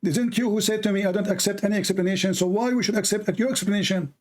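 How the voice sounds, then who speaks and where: High-voiced man grilling a caller. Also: fairly even intonation, quick pace. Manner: interrogating, repeats questions, interrupts. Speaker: show host. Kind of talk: heated call-in debate.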